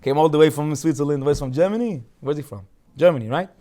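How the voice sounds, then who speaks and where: Fast, animated rabbi telling a Torah story. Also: male voice, a little high. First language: Hebrew. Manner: animated storyteller, jokes, laughs often. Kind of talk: casual humorous Torah talk.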